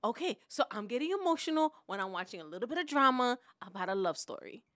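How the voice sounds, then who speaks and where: A woman co-hosting a podcast in casual chat, talking in an animated, expressive way and laughing often as she tells stories. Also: fairly high pitch, fast. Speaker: podcast co-host.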